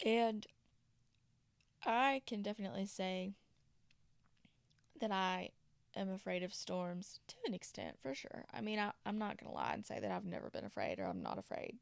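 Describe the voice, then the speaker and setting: A woman's voice: medium pitch, animated, normal speed, vocal fry, long pauses, no echo. A woman from Tennessee hosting a podcast, retelling a story casually with chatty asides. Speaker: podcast host.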